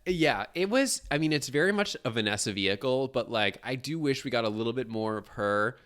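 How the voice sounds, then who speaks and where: A podcast co-host in casual chat, animated, laughing often and trailing off mid-sentence. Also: medium pitch, a little fast.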